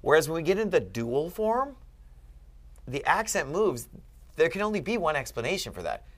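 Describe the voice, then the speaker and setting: A man's voice: on the high side, big pitch swings, normal speed. A man tutoring a student in Greek grammar, patient and asking leading questions. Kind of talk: one-on-one grammar lesson.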